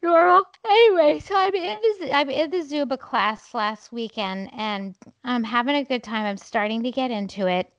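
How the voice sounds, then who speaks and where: A woman co-hosting a podcast in a loose, chatty way, often breaking into laughter. Her voice sits a little high and sounds dry and close, with no room around it. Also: normal speed, few pauses, no room sound. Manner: chatty storytelling with frequent laughs. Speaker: podcast co-host. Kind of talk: casual chat.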